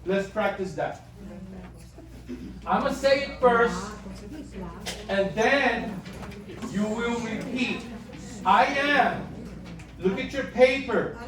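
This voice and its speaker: A woman's voice: a little high, drawn-out words, pauses often. A woman directing a choir rehearsal, explaining parts patiently and switching between English and Spanish. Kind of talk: rehearsal instruction. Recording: echoey room, far from the mic, chatter behind.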